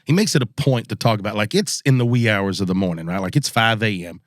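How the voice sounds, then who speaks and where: A man's voice: lowish voice, quick pace, dry recording, clean studio sound. A man telling a spooky hunting story on a podcast, slipping into the voices of the people he quotes. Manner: relaxed Southern storyteller, acts out quotes. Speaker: podcast co-host. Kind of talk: casual storytelling.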